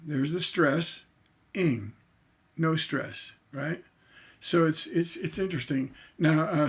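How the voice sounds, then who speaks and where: A man's voice: fairly high pitch, a little slow, slightly rough. A man teaching songwriting in a livestreamed lecture, explaining syllable stress by tapping out rhythms aloud.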